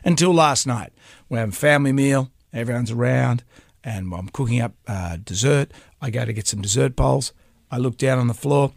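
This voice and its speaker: A middle-aged man, hosting a radio show and telling stories in a lively, mock-indignant way. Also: medium pitch, normal speed, vocal fry, no echo, studio quality. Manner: animated storyteller, mock-indignant. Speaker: radio host. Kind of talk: casual radio chat. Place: radio studio. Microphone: studio microphone.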